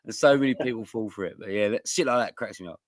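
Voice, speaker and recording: A man's voice: fairly low pitch, fast, dry recording. A middle-aged man, a regular on a casual podcast, who swears and laughs as he tells stories. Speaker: podcast co-host. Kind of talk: casual chat.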